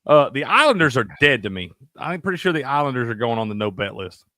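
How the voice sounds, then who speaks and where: A man's voice: mid-range voice, quick pace, no echo, studio quality. A man co-hosting a casual sports betting chat, cursing freely and laughing often. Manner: profane, animated, laughs a lot. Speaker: sports betting show co-host.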